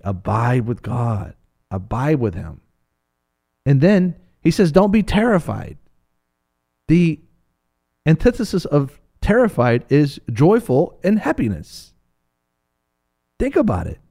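A man teaching from the Bible in a preaching talk, animated and playful, acting out voices of biblical figures. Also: fairly high pitch, slow pace, long pauses.

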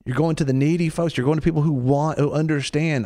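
A man's voice: a little high, fast talker, no echo, studio quality. A man with a Southern American accent hosting a faith talk show, chatting casually and acting out the quotes in his stories. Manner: animated storyteller, acts out quotes. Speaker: radio show host.

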